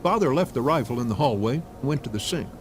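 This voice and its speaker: A man reading a story game aloud as a let's play narrator, with an expressive delivery. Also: medium pitch, fast, soft background music.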